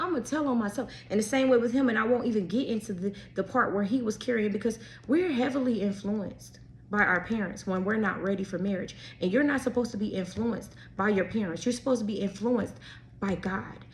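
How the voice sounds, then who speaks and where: A middle-aged woman talks openly about her own life, with a preacher's bent, now and then lowering her voice to a near whisper for an aside. Her voice sits at an ordinary pitch for a woman. A faint hiss of background noise runs under the recording. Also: creaky. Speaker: podcast host. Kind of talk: personal faith-based talk.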